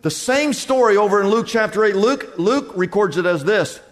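Dramatic high-pitched male preacher in a hall. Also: lively intonation, normal speed, faint music behind. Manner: dramatic preaching with big swings in pitch and volume. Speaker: pastor. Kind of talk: sermon.

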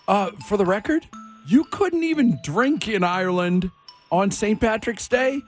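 A man's voice: high-pitched, animated, measured pace. Joking male radio host over music. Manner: joking, quiz-show patter. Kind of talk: casual morning radio banter. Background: music bed.

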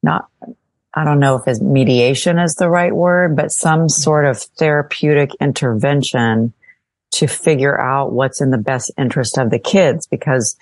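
A woman's voice: a bass voice, moderate pace, darkish tone, no room sound. A woman interviewing a guest, prompting with follow-up questions and frequent short affirmations.

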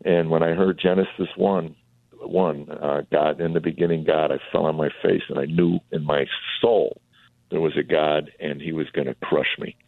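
A man's voice: rumbling low, steady tone, normal speed, vocal fry, dry recording. A middle-aged comedian telling his life story on a radio talk show, acting out the voices of people he quotes. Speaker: comedian and author guest. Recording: tinny phone line.

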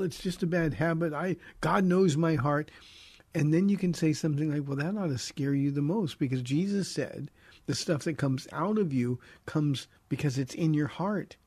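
Middle-aged pastor man, husky, mellow tone, direct and earnest, radio Bible teaching. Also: a little high, dry recording. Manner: direct, earnest, with frequent restarts. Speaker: radio pastor answering listener questions.

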